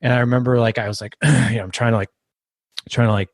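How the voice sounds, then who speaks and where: A man on a podcast as a guest, telling a personal story in an earnest, halting way with many restarts. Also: mid-range voice, fairly even intonation, no room sound.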